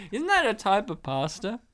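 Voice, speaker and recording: A man's voice: high voice, huge pitch swings, unhurried, a bit bright. A man co-hosting a casual movie commentary podcast, full of crude jokes and frequent laughter. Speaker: podcast co-host.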